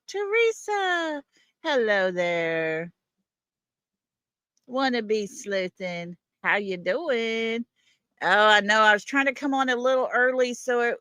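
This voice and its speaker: A woman's voice: medium pitch, bright, forceful tone, clear, resonant tone, no room sound, clean studio sound. A woman hosting a livestream, greeting viewers one by one in a folksy way. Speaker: livestream host. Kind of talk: casual livestream chat.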